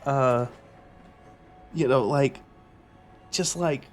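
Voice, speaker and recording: Male streamer, mid-pitch, ranting and swearing through gameplay commentary, loose and rambling. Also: extremely slow, faint music behind. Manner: ranting, profane, rambling with restarts. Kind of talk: casual live gameplay commentary.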